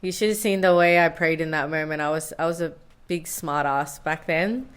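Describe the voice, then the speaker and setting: A woman's voice: low-pitched, moderate pace, clear, resonant tone. A woman in her thirties telling a candid, confessional story in a vlog, often laughing at herself. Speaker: science vlogger.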